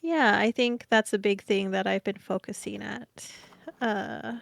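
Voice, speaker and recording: A woman answering as a panelist on a live stream, soft-spoken and halting. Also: mid-range voice, steady tone, creaky, no echo, studio quality.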